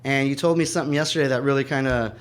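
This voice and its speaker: A man in his thirties hosts a casual podcast interview. He asks earnest, reflective questions and ties them back to his own experience. His pitch is ordinary for a man, and his speech is unhurried. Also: fairly even intonation, smooth. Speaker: podcast host.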